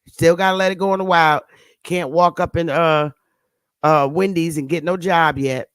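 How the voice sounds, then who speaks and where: A woman's voice: on the low side, fairly even intonation, moderate pace, clear, resonant tone, no echo. A woman hosting her channel, giving blunt, sarcastic casual commentary on pictures and scolding her viewers. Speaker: channel host.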